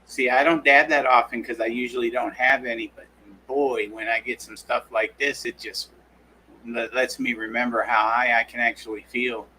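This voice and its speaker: A man's voice: mid-range voice, steady tone, moderate pace, sharp tone, a little hiss or hum, rough recording. A man co-hosting a casual live-stream podcast, loose and swearing casually. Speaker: podcast co-host.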